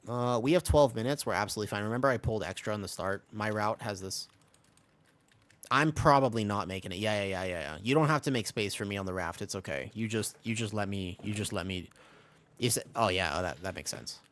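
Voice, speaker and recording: A man in his twenties chatting casually while he plays a game on stream, telling a rambling story between callouts. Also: on the low side. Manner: rambling storyteller, animated voices when quoting. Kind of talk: casual gaming stream chat.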